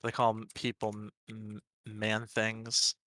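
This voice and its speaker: A man's voice: lowish voice, completely flat delivery, takes it slowly, bright, forceful tone. A man from the Washington, D.C. area with a local American accent, chatting casually and rambling while he sculpts. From Washington, D.C. area, USA. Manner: rambling, laughs easily.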